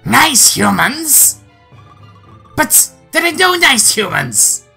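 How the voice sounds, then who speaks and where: A man voicing a young male demon boy, boastful and excitable, in a high gravelly voice, over a video game. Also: very slow, faint music behind, heavily acted. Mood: excited. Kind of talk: amateur voice acting over a game.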